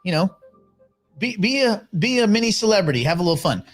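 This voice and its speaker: A man's voice: sits high, big pitch swings, fairly quick, soft background music. A man hosting a casual livestream, giving blunt, opinionated commentary and greeting viewers by name as they join. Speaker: livestream host reading chat.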